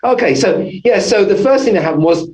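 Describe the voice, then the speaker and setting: A man who works as a family physician speaks as an interview guest. His voice sits a touch higher than most men's. He rambles through a long personal story, restarting sentences and correcting himself as he goes. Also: expressive, a little fast, a little mellow, rough recording.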